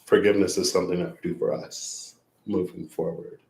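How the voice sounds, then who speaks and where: Deep-voiced man rambling, echoey room. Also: little pitch movement, a little fast, darkish tone. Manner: rambling, reflective, laughs often. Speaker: tarot reader. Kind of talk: late-night livestream wrap-up chat.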